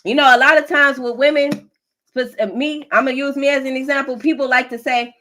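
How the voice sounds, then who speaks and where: A woman's voice: high voice, steady tone, brisk, a bit bright. A woman giving an emphatic, preachy collective tarot reading, laughing often. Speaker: tarot reader.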